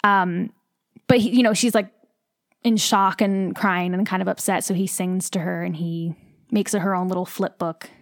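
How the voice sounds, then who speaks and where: A woman's voice: fairly low pitch, steady tone, normal speed, no room sound. A young woman who acts on stage talks through an interview in a loose, chatty way, filling her sentences with "like." She is heard up close with a dry sound and no room around her. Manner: chatty, heavy use of "like", emotional. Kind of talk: casual interview chat.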